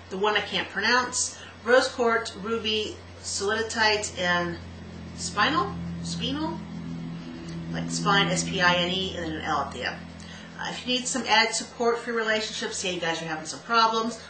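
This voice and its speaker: A woman's voice: mid-range voice, sharp tone. A middle-aged woman hosting a casual love-advice video, chatty and self-mocking, stumbling over stone names and spelling them out. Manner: self-mocking, laughs at herself. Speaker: host giving love advice. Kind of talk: casual solo video talk. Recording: echoey room with faint background hiss.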